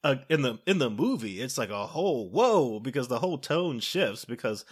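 A man talks through a book-versus-film comparison on a podcast, restarting his sentences as he thinks. His voice sits at a plain middle pitch. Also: big pitch swings, normal speed, slightly rough. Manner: rambling, restarting thoughts, sporadic laughs. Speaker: podcast co-host or guest. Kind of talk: casual movie discussion.

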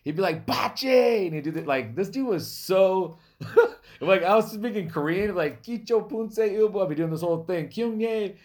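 A man from a Native American reservation hosting a podcast, telling stories in a casual, animated way, laughing often and acting out the people he quotes. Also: fairly high pitch, fairly quick. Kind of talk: casual storytelling chat.

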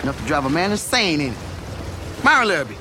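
An actor playing a frazzled, griping postal worker in a film clip, chatty and loud. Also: male voice, fairly high pitch, very animated, a little fast. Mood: ranting. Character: frazzled ranting male postal worker, middle-aged. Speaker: film character in a played clip. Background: crowd outdoors.

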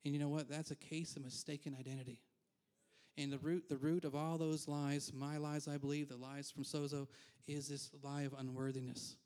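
Brief: male pastor, fairly high voice, candid chatty sermon with asides. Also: little pitch movement, moderate pace, a little mellow. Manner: candid, self-deprecating, frequent asides. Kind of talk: conversational sermon.

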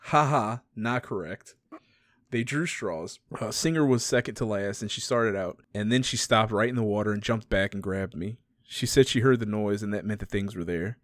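A man's voice: lowish voice, moderate pace, dry recording, studio quality. A man chatting casually and retelling a story, laughing often and swearing freely.

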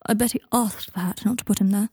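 A woman's voice: mid-range voice, steady tone, brisk, mellow, husky, no room sound. A woman voicing a posh young wizard man with a dry, drawling manner. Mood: rueful.

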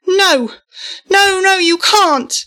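A desperate young boy, as a woman reads him aloud, pleads in a high, strained voice that keeps rising. His words come out loud and tearful. It sounds like a storybook reading. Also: very slow. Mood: desperate pleading.

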